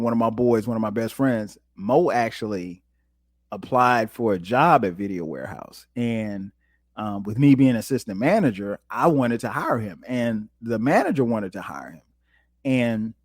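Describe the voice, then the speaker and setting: A middle-aged man from South Carolina hosting a podcast, telling casual stories and jumping to a high voice when he quotes himself. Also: dry recording, studio quality. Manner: animated, jumps to a high voice when quoting himself. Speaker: podcast host. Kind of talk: casual storytelling monologue.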